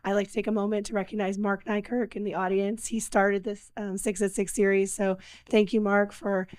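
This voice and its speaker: A hoarse woman hosting a lecture series, introducing the speaker through a microphone in a halting way with many fillers. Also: mid-range voice, little pitch movement, a little mellow, no room sound, poor audio. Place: event space with a live audience.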